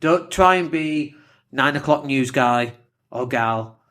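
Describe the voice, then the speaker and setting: A man's voice: mid-range voice, slow, fairly bright tone. A man with a northern English accent and a slight lisp, hosting a casual solo podcast, blunt and swearing freely. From northern England. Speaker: podcast host.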